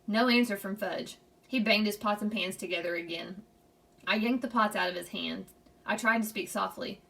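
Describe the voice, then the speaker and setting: A woman's voice: mid-range voice, normal speed, vocal fry, a bit bright, far from the mic. A woman reading a children's chapter book aloud, telling the first-person story expressively.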